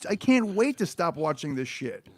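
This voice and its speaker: A man's voice: a little high, big pitch swings, moderate pace, dry recording. A man streaming a reaction, ranting in an exasperated, sarcastic, profane way about what he watches.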